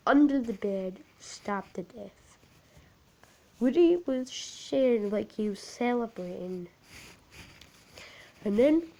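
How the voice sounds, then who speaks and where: Woman storyteller, creepypasta, slow pace, halting, repeats herself, unpolished. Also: a little high, a little mellow. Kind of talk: amateur creepypasta narration.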